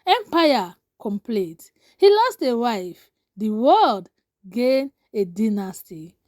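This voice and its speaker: Brief: woman storyteller, high animated voice, punchy dramatic lines. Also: slow, no echo, studio quality. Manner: dramatic, short declarative lines. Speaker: narrator. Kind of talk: scripted story narration.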